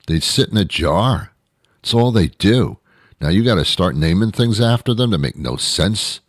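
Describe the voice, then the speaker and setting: Deep-voiced man ranting with sarcasm. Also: expressive, moderate pace, dry recording, studio quality. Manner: sarcastic rambling humor with frequent self-corrections and laughs. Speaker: podcast host. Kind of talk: comedic monologue.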